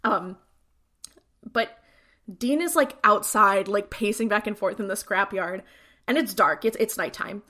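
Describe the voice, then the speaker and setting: A woman's voice: mid-range voice, unhurried, pauses often, sharp tone. A woman co-hosting a podcast, chatting casually and retelling scenes with lots of fillers. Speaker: podcast co-host. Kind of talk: casual recap chat.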